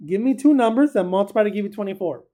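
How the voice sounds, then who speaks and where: A man's voice: high voice, expressive, quick pace, mellow. A man teaching a casual recorded math lesson, chatty and joking, who keeps quizzing his students.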